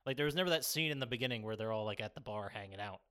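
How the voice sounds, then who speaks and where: A man's voice: lowish voice, expressive, rapid-fire, bright, forceful tone, clear, resonant tone. Chatty man rambling about a game. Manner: rambling, swears casually, laughs often. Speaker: podcast co-host. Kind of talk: casual chat reviewing a video game.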